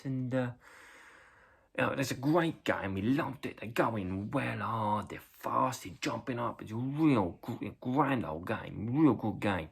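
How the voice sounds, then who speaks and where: A middle-aged man with an English accent spins a loose, rambling story, full of "uh"s, and he breaks into loud acted quotes. His voice has a gravelly, husky edge to it. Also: medium pitch. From England. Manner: rambling anecdote with many fillers, jumping into loud acted quotes. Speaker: vlogger reacting to a video. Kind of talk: casual storytelling.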